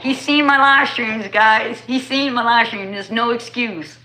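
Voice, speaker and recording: Bright-voiced woman streamer. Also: on the high side, unhurried, a little hiss or hum, low-quality recording. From New Jersey. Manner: animated, slangy, talks straight to chat. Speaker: livestreamer. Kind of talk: casual livestream chat with viewers.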